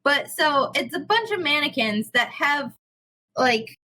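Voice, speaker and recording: A young woman chatting casually on a podcast, telling a ghost story in an animated way, with lots of fillers and swearing. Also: high-pitched, unhurried, low-quality recording. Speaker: podcast co-host.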